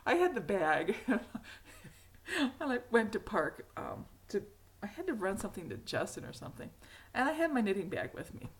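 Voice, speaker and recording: A middle-aged woman with a hoarse, cracky voice, hosting a knitting podcast in a rambling, casual chat with frequent laughs. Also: medium pitch, big pitch swings, normal speed. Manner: chatty, rambling, laughs often. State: hoarse, frog in throat.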